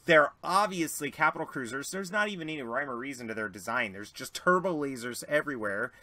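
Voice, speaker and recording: A man narrating as game master of a tabletop role-playing game, animated with quick asides. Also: mid-range voice, no echo.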